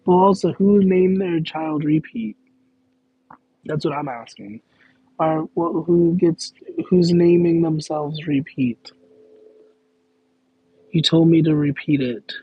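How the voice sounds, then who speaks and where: A man's voice: on the high side, slow, long pauses, warm tone, slightly rough, dull audio. A man chatting casually on a live question-and-answer stream, rambling, stopping to correct himself and laughing in disbelief.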